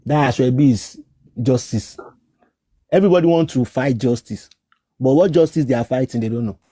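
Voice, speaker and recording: Argumentative Nigerian man, mellow dry voice. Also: medium pitch, normal speed, no echo. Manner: argumentative, repeats himself, switches into Pidgin and Yoruba. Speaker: livestream panelist. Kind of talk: heated livestream debate.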